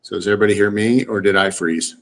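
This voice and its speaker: A man's voice: on the low side, quick pace. Easygoing man co-hosting a live stream. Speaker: co-host reading viewer comments. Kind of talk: casual live-stream chat.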